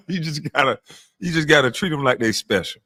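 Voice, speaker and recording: Trash talk and chat roasting fill this casual livestream, hosted by a man who smokes as he speaks. His voice jumps up when he heckles and slides low and slow as he winds down.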